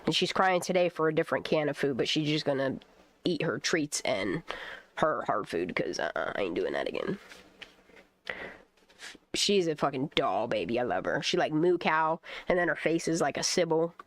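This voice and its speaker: A woman chatting casually at home while planning a garden, swearing freely and breaking into sweet high baby talk with her cat. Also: expressive, moderate pace. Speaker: channel host.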